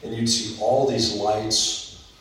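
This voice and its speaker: A man's voice: on the low side, level tone, takes it slowly, fairly bright tone. A man preaching a sermon, earnest, building up in places, with frequent ums and restarts. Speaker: pastor. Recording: echoey hall from far off, faint noise.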